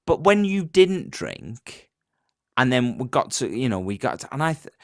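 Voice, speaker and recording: Rambling, animated man chatting casually. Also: mid-range voice, measured pace, no echo, studio quality. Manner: rambling, self-interrupting, joking. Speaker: podcast co-host. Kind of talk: casual chat.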